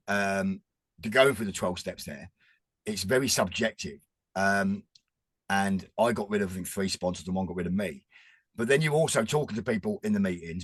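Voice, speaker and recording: A man's voice: deep voice, husky, no echo. A man, talking earnestly and rambling in a casual chat as a podcast guest. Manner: rambling, restarts often, earnest.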